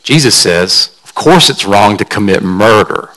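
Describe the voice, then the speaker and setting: A man's voice: lowish voice, expressive, measured pace, bright, forceful tone, poor audio. A man pastor delivering a sermon in a conversational, storytelling way, carefully explaining word meanings like a teacher.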